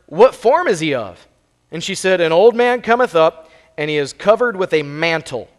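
A male pastor preaches from the pulpit, explaining the scripture verse by verse in a plain, conversational way. His voice sits a little on the high side, and it rings out with a long reverb through the church. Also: a bit bright. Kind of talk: sermon. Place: church sanctuary.

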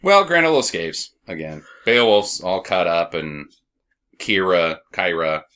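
Podcast co-host, man, lively bright delivery, rambling and swearing. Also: low voice, a little slow. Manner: rambling, profane, laughs often. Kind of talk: casual movie-review banter.

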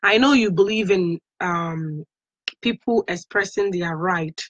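A woman's voice: lowish voice, measured pace, fairly bright tone, no echo, highs cut off. A Nigerian woman making an emotional, repetitive direct-to-camera appeal, mixing English with Igbo phrases. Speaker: online activist vlogger.

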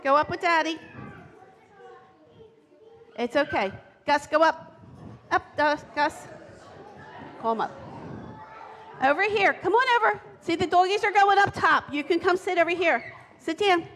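Woman, high voice, playful and coaxing with children, reverberant church hall. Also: unhurried, pauses often, fairly bright tone. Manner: playful, coaxing, talks to kids and dogs. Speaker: children's time leader. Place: church sanctuary. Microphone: handheld or lapel mic.

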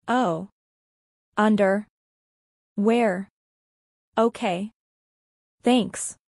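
A woman's voice: mid-range voice, fairly even intonation, extremely slow, darkish tone, dry recording, studio quality. A woman voicing an earnest Russian immigrant woman who carefully works out her English word by word. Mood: earnest, puzzled. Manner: careful, literal, eager.

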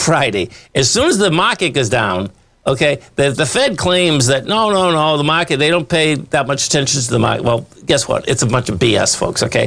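A man with a gravelly, medium-pitched voice and a fairly bright tone provides live stock market commentary as an analyst host, going over charts. He talks in a rambling, down-home, forceful manner, leaning on "okay" and "bottom line."

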